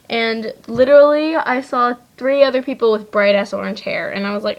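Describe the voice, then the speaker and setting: Creaky-voiced teen girl rambling to camera. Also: on the high side, brisk, few pauses. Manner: rambling, lots of likes and ums. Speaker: vlogger. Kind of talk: casual chat to camera.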